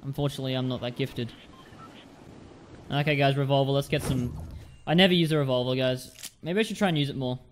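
A man's voice: medium pitch, fairly even intonation, fast talker, pauses often, background noise. A young man with a light Australian accent giving casual gameplay commentary to viewers, often repeating his words. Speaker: gaming streamer.

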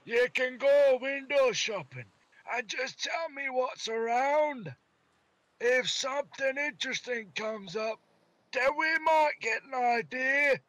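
Casting note: polite young schoolgirl with a put-on Scottish accent, high strained falsetto, slow and drawn-out, as a man does her for a game. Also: pushed and bright, dry recording, heavily acted, rough recording. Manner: slow, drawn-out line reading.

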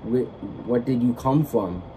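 A man voicing an overjoyed elderly farm aunt in a storybook reading, halting and repeating his words. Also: medium pitch, dark tone, highs cut off, a little hiss or hum, close to an everyday voice. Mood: astonished.

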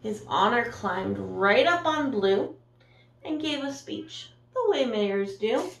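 A woman's voice: fairly high pitch, animated, slow pace, vocal fry, echoey room, distant mic. A woman teacher reading a picture book aloud to her class in a storytime voice, gasping and asking the children questions. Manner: warm, sing-song, gasps and asks the listeners questions.

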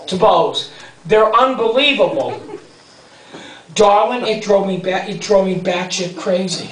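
A male stand-up comedian performing live on stage, ranting in exasperation and breaking into high-pitched shouting. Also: a little slow. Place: theater stage before a large laughing audience. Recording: roomy live hall recording from a distance, loud audience.

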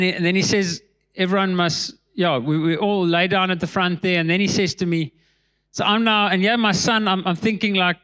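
A man, a pastor telling a story in a sermon, animated and laughing between lines. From South Africa. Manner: animated, laughs between lines, drops voice low for tense moments.

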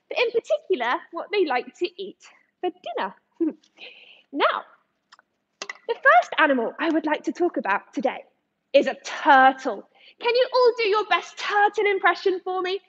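A woman's voice: sits high, big pitch swings, normal speed, fairly bright tone, lo-fi sound. A woman from England, an aquarium educator, giving a live lesson to young children in a sing-song, encouraging way, speaking in front of a tank at the aquarium.

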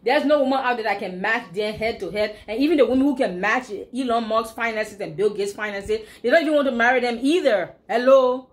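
A woman with a Liberian English accent speaks in a voice pitched a little high. She delivers blunt, opinionated blogger commentary. She scolds and piles up rhetorical questions. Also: fairly quick, hardly any pauses.

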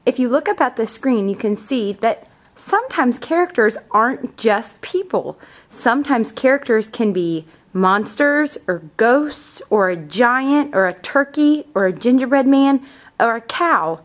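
A woman teacher talks slowly to young children. Her voice sits a little high and moves up and down a lot as she asks questions. She speaks clearly and patiently. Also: animated. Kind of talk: reading a picture book aloud to children.

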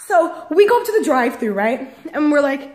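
A woman's voice: high-pitched, very animated, a little fast, darkish tone, slight background noise, rough recording. A young woman vlogger telling a story to camera in a chatty, exasperated way, filling her talk with "like". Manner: chatty and exasperated, heavy use of "like".

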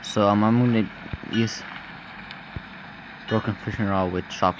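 A man's voice: on the low side, fairly even intonation, measured pace, pauses often, slight background noise, low-quality recording. Casual young man playing through a game. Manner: casual, hesitant, many ums. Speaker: gameplay commentator. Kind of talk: let's play commentary.

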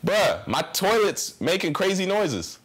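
A man's voice: sits high, big pitch swings, unhurried. A young man hosting a comedy Q&A vlog, giggly and self-mocking. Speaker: YouTuber host. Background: background music.

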